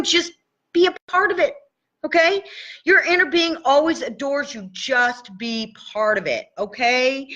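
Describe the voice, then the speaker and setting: A woman coaching a guided tapping session, upbeat and chatty, repeating affirmations slowly. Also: a little high, pushed and bright, dull audio.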